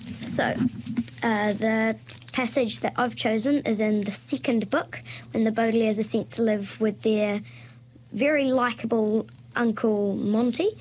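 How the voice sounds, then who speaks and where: High-voiced woman reading a storybook. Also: slight background noise. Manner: relaxed, with small restarts and self-corrections. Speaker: guest reader. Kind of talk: reading a children's novel aloud.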